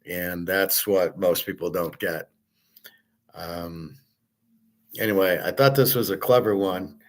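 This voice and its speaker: A man's voice: deep voice, takes it slowly. A man hosting his own show, giving a blunt, rambling commentary monologue with frequent swearing and filler words. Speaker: host.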